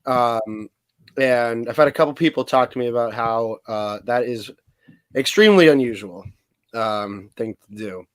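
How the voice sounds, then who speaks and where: A man's voice: mid-range voice, normal speed, smooth, no room sound. Rambling man on a dry call. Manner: rambling, trails off, eats while talking. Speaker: podcast co-host. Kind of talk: casual chat about local politics.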